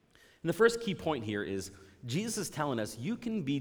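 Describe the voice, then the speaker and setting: A man delivers a conversational sermon from a pulpit, his pitch swinging widely as he acts out the doubts of his listeners. His voice rings out through a big hall with a long, lingering reverb. He speaks like a pastor talking straight to his church. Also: moderate pace. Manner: animated, conversational preaching with voiced asides.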